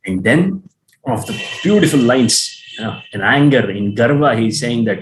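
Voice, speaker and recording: A man's voice: medium pitch, lively intonation, normal speed, a little hiss or hum, rough recording. A man telling an epic as a lecture, earnest and repeating points for emphasis. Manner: earnest, repetitive emphasis, occasional restarts. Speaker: storyteller and teacher. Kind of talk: explanatory storytelling lecture.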